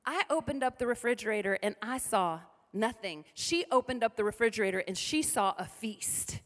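A middle-aged woman pastor preaching a lively sermon with call-and-response to the congregation. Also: a little high, normal speed. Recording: reverberant hall.

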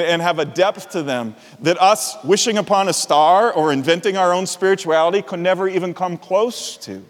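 With a long reverb tail on the audio, a middle-aged man preaches as a pastor. He is earnest, swelling into emphatic high points and sinking low and quiet when he wants something to land.

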